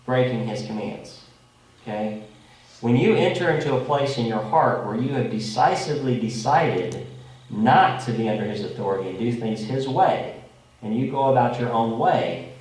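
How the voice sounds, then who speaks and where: A man preaching a conversational sermon to a congregation, often checking in with a quick "okay?". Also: mid-range voice, a little mellow. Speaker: pastor. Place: congregation meeting room. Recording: echoey room, from far off.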